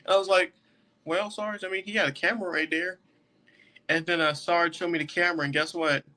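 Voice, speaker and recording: A man's voice: a little high, steady tone, fairly quick, pushed and bright. A young man, a jail deputy and podcast guest, telling a story casually and laughing often as he goes. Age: young adult.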